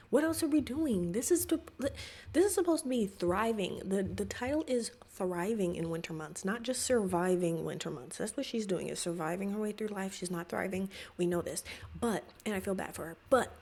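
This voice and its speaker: A woman's voice: medium pitch, a little mellow. A woman hosting a reaction video, talking back to the clip with exasperated, sarcastic commentary.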